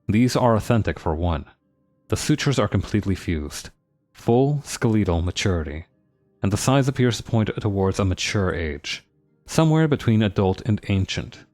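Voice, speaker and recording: A man's voice: lowish voice, darkish tone, no room sound. A man streaming a story game, reading its narration aloud with dramatic pacing and joking asides.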